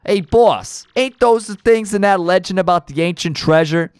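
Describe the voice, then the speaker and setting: A man voicing blustering mobster henchmen in a video game playthrough, with rough, mocking street slang. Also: high-pitched, moderate pace, no echo, studio quality, pitched above the performer's own voice, lightly acted. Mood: bickering. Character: blustering male mobster henchmen, dim and pushy.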